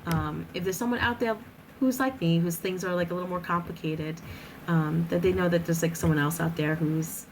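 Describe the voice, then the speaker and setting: Chatty lower-voiced woman on a podcast. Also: steady tone, fairly quick, a little hiss or hum, low-quality recording. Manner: chatty, many fillers, laughs often. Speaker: podcast guest. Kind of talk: casual podcast chat.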